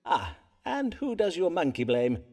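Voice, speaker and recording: An actor playing a learned, courteous Elizabethan astrologer and doctor who speaks in florid, archaic phrases. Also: male voice, a little high, huge pitch swings, unhurried, a little mellow, soft background music, exaggerated voice. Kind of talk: period game voice acting.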